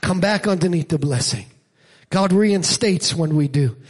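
A man preaching a sermon, with rhythmic repetition building to loud, dramatic peaks. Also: on the high side, measured pace, slightly rough. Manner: preaching with dramatic acted-out scenes and shouted peaks. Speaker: pastor.

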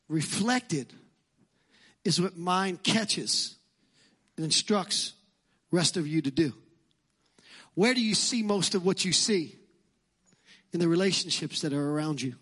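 A man's voice: high-pitched, fairly bright tone. A male pastor with a Brooklyn accent preaching a sermon in church, emphatic and fond of repeating phrases.

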